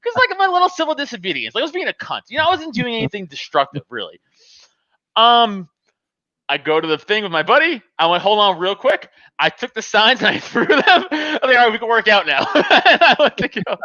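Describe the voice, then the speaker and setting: Lively high-voiced man telling a wild story. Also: brisk, no echo, dull audio. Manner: animated, laughs often, acts out both sides of the argument. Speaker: podcast host telling a story. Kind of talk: casual storytelling with frequent laughter and swearing.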